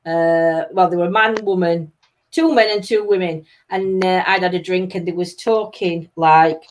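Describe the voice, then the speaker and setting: A woman's voice: fairly low pitch, fairly even intonation, normal speed. Middle-aged Yorkshire woman, chatty co-host, laughs a lot while telling stories. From East Yorkshire, England. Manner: chatty storyteller, laughs often. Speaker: livestream co-host. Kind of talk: casual chat.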